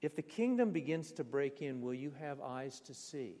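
An older man preaching a sermon, telling personal stories with animated, vivid emphasis in a church. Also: medium pitch, moderate pace. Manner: vivid, animated storyteller with bursts of emphasis and laughter. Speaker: pastor. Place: church sanctuary. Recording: long hall reverb.

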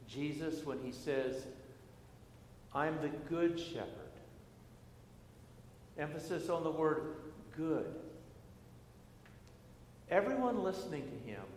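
A middle-aged pastor preaching a sermon in a church, speaking in a deliberate, emphatic way with measured pauses. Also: male voice, on the high side, a little hiss or hum. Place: church sanctuary. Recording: echoey hall with faint ambience.

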